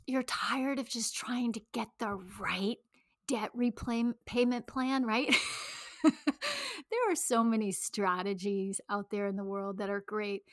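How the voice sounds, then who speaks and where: A woman's voice: on the high side, no room sound, studio quality. A woman in her thirties telling her own story to an audience, intimate and emotional, often dropping into a whisper. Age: 30s. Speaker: speaker on money and shame. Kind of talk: personal talk to an audience.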